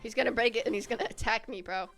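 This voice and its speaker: Excitable woman streamer, slangy live commentary, slightly high voice. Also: racing, soft background music. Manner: excitable, slangy, reacts loudly to the game. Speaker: game streamer. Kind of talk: casual live game commentary.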